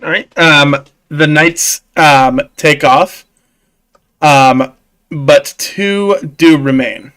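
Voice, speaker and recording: Guy dm-ing a tabletop game, kinda high, smooth voice, lots of uhs and ums. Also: extremely slow, fairly bright tone. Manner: hesitant, many fillers. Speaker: dungeon master.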